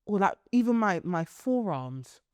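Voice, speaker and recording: A young woman co-hosting a podcast in casual chat, playfully teasing and dropping low for asides. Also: very animated, measured pace, clean tone, no room sound. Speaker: podcast co-host.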